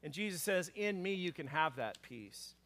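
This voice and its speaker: A man preaching a sermon in a lively, conversational way, his voice sitting a little high. He often pauses on an "um" or an "uh" and voices scripture characters with extra energy. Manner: animated, conversational preaching with frequent "um" and "uh"; acts out scripture characters in a raised voice. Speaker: pastor.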